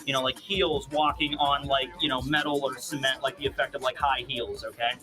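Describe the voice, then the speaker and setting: A man casually recapping a manga chapter, animated and full of fillers, acting out quotes as he goes. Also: mid-range voice, a little fast. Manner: animated, acts out quotes, heavy "like" and "you know" fillers. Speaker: manga commentator. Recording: clear music behind voice.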